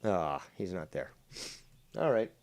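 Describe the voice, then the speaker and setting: A man's voice: deep voice, expressive, slow, creaky, a little mellow, no room sound. A man hosting a livestream drama commentary show, talking in a profane, mocking, rambling way. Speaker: host.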